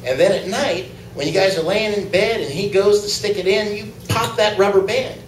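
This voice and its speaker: A man's voice: sits high, moderate pace, reverberant, recorded from a distance, slight background noise, low-quality recording. A man doing a crude open-mic stand-up set in a small club, laughing at his own jokes. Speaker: stand-up comic.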